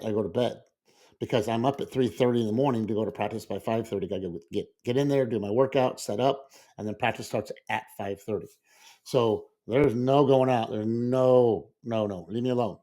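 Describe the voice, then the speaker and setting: A middle-aged podcast co-host with a lowish, mellow voice rambles through a story in casual chat. He repeats words and acts out the quotes as he goes.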